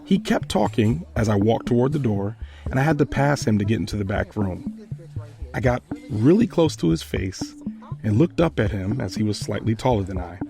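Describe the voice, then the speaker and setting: A man hosting a podcast, retelling a personal story in a measured, earnest way. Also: fairly low pitch, expressive, gravelly, music in the background.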